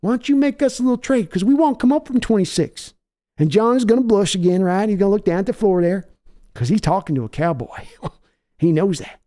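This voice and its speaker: A swaggering older football team owner, as a man puts him on, wheedling and folksy, circling back over the same boasts. The voice sits well above a normal speaking pitch yet keeps a mellow, unforced tone. He sounds like he is working the phone to charm someone into a deal. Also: lively intonation, a little fast. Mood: boastful. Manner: folksy, wheedling, repeats himself.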